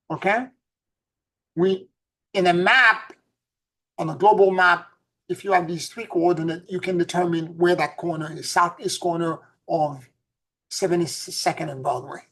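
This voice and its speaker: A woman giving a casual spiritual talk, telling stories earnestly and repeating her points, dropping to soft asides and rising to emphatic peaks. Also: fairly low pitch, poor audio. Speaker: spiritual teacher.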